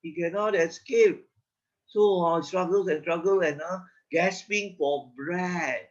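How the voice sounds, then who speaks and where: A man narrating a children's moral story, slow and emphatic, adding asides to his listeners. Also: high-pitched. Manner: slow, emphatic, frequent "you know" asides. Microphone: video call. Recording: dull lo-fi video call audio.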